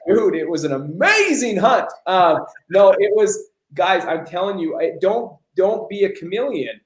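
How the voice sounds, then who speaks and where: A man's voice: high voice, unhurried, roomy sound, slight background noise, low-quality recording. A man hosting a live Q&A on business coaching, telling stories and acting out the dialogue. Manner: animated storyteller, acts out quoted dialogue. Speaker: host.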